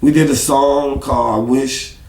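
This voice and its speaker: A man, a rapper guest in an interview, telling stories in a casual, animated way with lots of laughter. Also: mid-range voice, moderate pace, echoey room. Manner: animated, laughing storyteller who acts out other people's lines.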